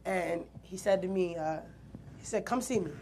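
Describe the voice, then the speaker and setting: A woman's voice: lowish voice, normal speed, dark tone, slight background noise. A woman earnestly telling her own story in an interview, acting out the quoted dialogue with animation. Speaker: guest artist.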